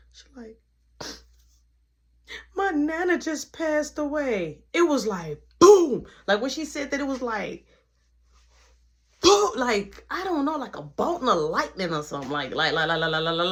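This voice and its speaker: A young man telling a casual storytime, animated and acting out every quote, sometimes dropping to a hushed voice. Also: very high voice. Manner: drops to a hushed voice for tender moments.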